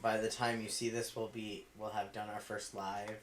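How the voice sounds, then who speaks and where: A podcast co-host chatting casually with friends. The voice sits at an ordinary pitch. It delivers short, deadpan, crude one-liners. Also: moderate pace, slight background noise. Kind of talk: casual chat.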